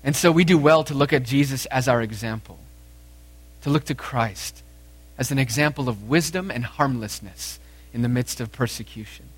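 A man preaching a sermon, lively and animated, acting out the dialogue as he tells it. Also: mid-range voice, normal speed. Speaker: pastor.

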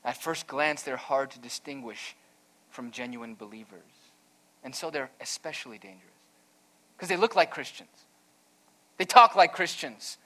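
A pastor preaching an earnest, emphatic sermon, weaving in a storytelling aside. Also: male voice, medium pitch, expressive, normal speed, pauses often, sharp tone.

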